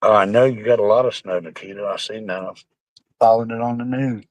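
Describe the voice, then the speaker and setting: A man's voice: on the low side, fairly quick, no room sound, low-quality recording. A man chatting casually and rambling with his viewers on a live stream, sounding like he has a bad cold. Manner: rambling, salty, joking.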